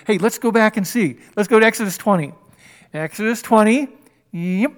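Older man, pastor, sermon, high-pitched, animated, acts out voices. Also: a little fast. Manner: animated, acts out dialogue with rising and dropping voice.

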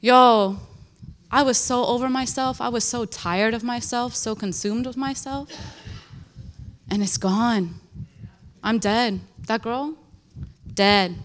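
A young woman shares her testimony in an emotional, animated way, leaning on emphatic repetition as she tells her story. Her voice sits a little high for a woman. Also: slow, long pauses. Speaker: speaker sharing a testimony. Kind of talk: testimony in church.

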